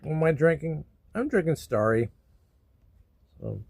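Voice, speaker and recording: A man vlogging about feeling sad and sleepy, talking in a slow, rambling way with sudden loud bursts. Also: on the high side, sing-song, vocal fry, no room sound. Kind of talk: emotional personal vlog.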